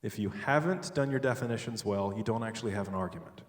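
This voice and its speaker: A man giving a sermon-style talk on logic, animated and joking, with sudden loud stresses. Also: lowish voice, fast, recorded from a distance. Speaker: speaker at a church. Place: large church hall. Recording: echoey hall, picked up from afar.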